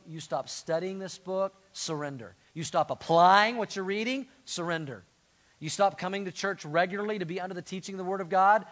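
A middle-aged man preaching a sermon as pastor, animated and asking the congregation to answer back. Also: sits high. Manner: animated, call-and-response with congregation.

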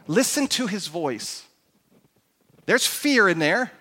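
A man pastor preaches an animated sermon with a lot of emphasis. His voice sits high and sounds bright and forceful. It echoes through a large church hall. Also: takes it slowly, husky.

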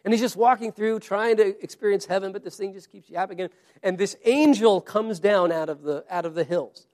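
A man with a high voice preaches a sermon to his congregation. He speaks earnestly, often doubling and restarting his words as he works through his points. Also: a little fast, a little mellow. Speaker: pastor.

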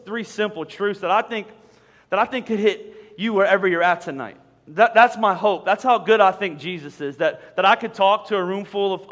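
High-voiced pastor preaching in a big hall. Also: male voice, fairly bright tone. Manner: conversational, frequent word repetitions and humorous asides. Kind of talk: sermon. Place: large church auditorium. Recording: long hall reverb.

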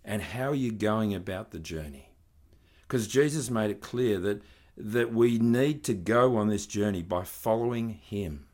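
A man's voice: on the low side, a little slow, darkish tone. A man preaching a sermon, reading scripture aloud and building earnest emphasis as he explains it.

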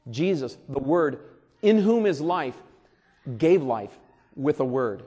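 A pastor preaching a sermon in a conversational way, repeating phrases and swelling loud for emphasis. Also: male voice, fairly high pitch, sing-song, slow pace, husky, highs cut off. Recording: long reverb of a large hall.

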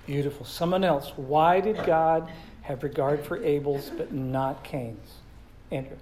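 A woman's voice: low-pitched, measured pace, warm tone, poor audio. A woman teaching a Bible study, joking with the group and quizzing listeners by name.

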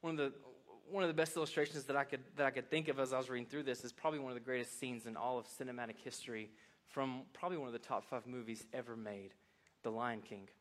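A man preaching a sermon to a congregation, with a folksy, animated delivery that moves from soft reflection to excited emphasis. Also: fast talker, few pauses. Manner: animated, swings from soft reflective lows to loud excited highs; folksy, addresses congregation as y'all. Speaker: pastor. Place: church sanctuary.

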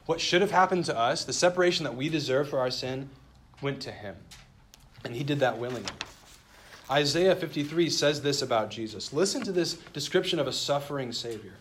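Earnest man preaching a measured sermon. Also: mid-range voice, animated, slight background noise. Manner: earnest, measured preaching with dramatic slowdowns and soft drops; reads scripture aloud in a heightened voice. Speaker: pastor.

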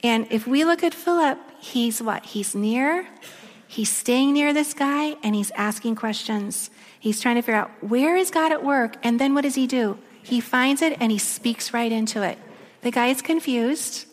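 A woman giving a sermon, telling a story and dropping to a soft near-whisper at emotional moments. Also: fairly high pitch, normal speed. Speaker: speaker. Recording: echoey long reverb of a large room.

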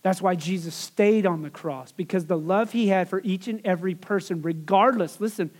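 A pastor preaching a sermon in a high voice for a man. He talks to his people in a loose, conversational way, with asides and phrases he says again and again. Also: normal speed.

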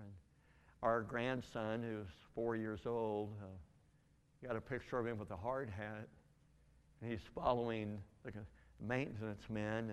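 An older man giving a spoken testimony, telling a story earnestly with halting restarts. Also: lowish voice, clean tone. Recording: long reverb in a large hall.

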